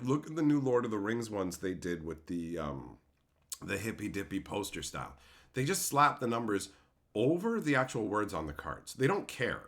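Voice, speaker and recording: Animated, blunt streamer man. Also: on the low side. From Canada. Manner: animated, blunt, swears freely, loud outbursts. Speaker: streamer host. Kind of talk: casual livestream chat.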